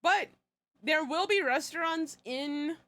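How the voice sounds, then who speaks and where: A woman's voice: sits high, slow pace, a bit bright, no echo. A young woman answering questions on a casual live stream, rambling and giggly with many fillers and restarts. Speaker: streamer and project creator.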